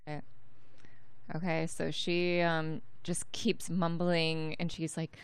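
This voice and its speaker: A woman playing in a tabletop game, describing her character's actions in a halting way, with ums and repeated words. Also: deep voice, completely flat delivery, clear, resonant tone, dry recording. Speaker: player.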